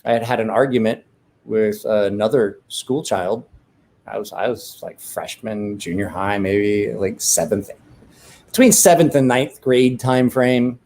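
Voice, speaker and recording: A man's voice: on the low side, a little slow, a little mellow, a little hiss or hum. A man hosting a casual livestream from home, telling rambling, profane stories while drinking a beer, with frequent restarts. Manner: rambling, profane, self-correcting. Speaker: livestream host. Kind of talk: casual storytelling chat.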